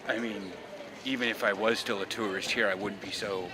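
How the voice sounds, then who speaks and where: A chatty man tells rambling stories into a handheld camera as he walks through city streets and shops. His voice sits a little low. Steady traffic and street noise run loudly behind him. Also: normal speed. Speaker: vlogger. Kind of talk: casual walking vlog. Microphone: handheld camera, no tripod.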